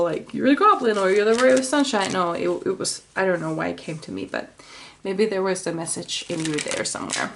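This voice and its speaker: Slow, dreamy woman. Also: mid-range voice, vocal fry, noisy background. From Finland. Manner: dreamy, rambling, with sighs. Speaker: tarot reader. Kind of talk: casual tarot reading.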